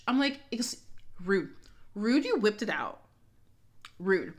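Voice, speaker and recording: Excitable woman doing reaction commentary. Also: mid-range voice, a little slow, long pauses. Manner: excitable, dramatic, repeats exclamations. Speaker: reaction video host.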